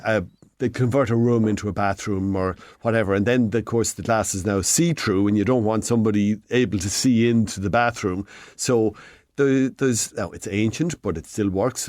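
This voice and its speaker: A man's voice: fairly low pitch, a little mellow, no room sound. A man of sixty with an Irish accent, giving home repair advice on a radio show in a rambling, self-correcting way, speaking into a studio mic. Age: 60s. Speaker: hardware expert guest.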